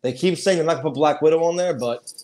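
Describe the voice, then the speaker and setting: A man's voice: a little high, quick pace, darkish tone. A middle-aged man in casual chat as a podcast co-host, profane and emphatic, stating strong opinions.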